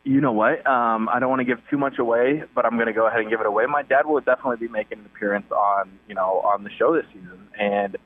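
A man's voice: medium pitch, steady tone, fast, few pauses, no echo. A young man calling in to a radio show, chatting easily and upbeat with lots of fillers over the phone. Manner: easygoing, upbeat, with many fillers. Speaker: guest on the phone. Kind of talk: casual phone interview. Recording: dry tinny phone line.

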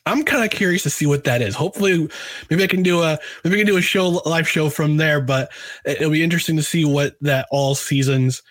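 A man's voice: on the high side, fairly quick, fairly bright tone, no echo. Chatty rambling podcast host man. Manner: rambling, lots of restarts; chatty, drinks a beer while talking. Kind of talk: casual talk show monologue.

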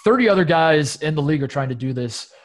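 A man's voice: on the high side, expressive, quick pace. A man co-hosting a casual sports podcast, joking and sarcastic, rambling through his points with frequent restarts. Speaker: podcast co-host.

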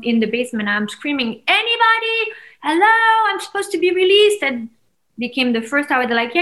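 A woman's voice: fairly high pitch, rough recording. A woman in her thirties from France, a guest telling a personal story with feeling and acting out what others said. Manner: animated, acts out quoted voices with sudden loud peaks. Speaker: interview guest.

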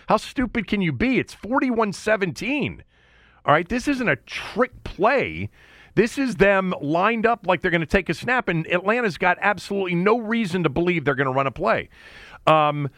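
A blunt male sports talk co-host who swears freely and stumbles into restarts as he builds his case. His voice climbs and drops in a lively way. The sound is dry and close, with no room around it. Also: high-pitched, dry recording. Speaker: podcast co-host.

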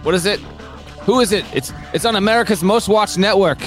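A man's voice: high-pitched, brisk, soft background music. A man co-hosting a sports podcast in a put-on Australian accent, joking as he rattles off game listings. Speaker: podcast co-host. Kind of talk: casual sports podcast chat.

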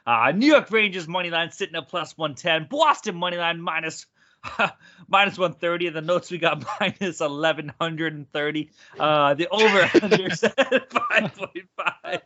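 A man's voice: a little high, moderate pace, pushed and bright. A man hosting a casual sports betting podcast, laughing often and swearing freely. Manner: laughing, profane, upbeat. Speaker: podcast host. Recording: dull lo-fi sound.

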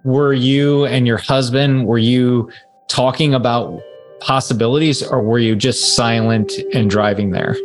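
A man co-hosting a podcast, asking gentle, probing interview questions. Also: medium pitch, fairly even intonation, unhurried, soft background music.

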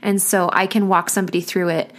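A woman who hosts a podcast as a postpartum coach, talking in an effusive, warm way in a casual interview. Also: mid-range voice, little pitch movement, quick pace. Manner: warm, effusive, gets emotional.

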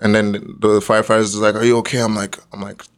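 Low, flat-voiced young man. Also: fast talker. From Nigeria. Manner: laughs often while telling a story. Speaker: guest. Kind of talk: casual storytelling interview.

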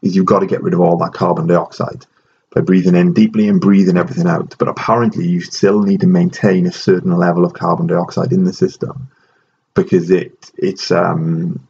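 A man's voice: vocal fry, darkish tone. A man hosting a casual podcast chat, explaining with frequent restarts. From Ireland. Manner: chatty, restarts often, explaining. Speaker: host. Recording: dull low-fidelity audio with faint noise.

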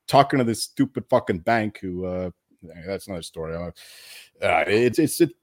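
A man's voice: lowish voice, lively intonation, moderate pace, darkish tone. A man co-hosting a casual sports betting podcast, rambling in a laid-back way with many fillers and curse words. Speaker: podcast co-host.

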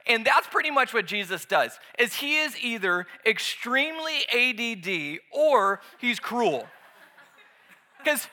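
Bright, high-voiced animated male preacher. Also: a little slow. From United States. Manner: animated, acts out voices in anecdotes. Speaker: pastor. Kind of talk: sermon.

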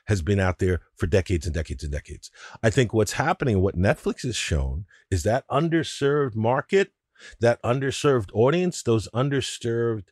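A man with a lowish, expressive voice co-hosting a podcast. He works through his points one by one and leans on everyday comparisons to make them. The recording is close and dry. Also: no echo. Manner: thoughtful, explains with analogies, casual swearing. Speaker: podcast co-host. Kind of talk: casual podcast chat.

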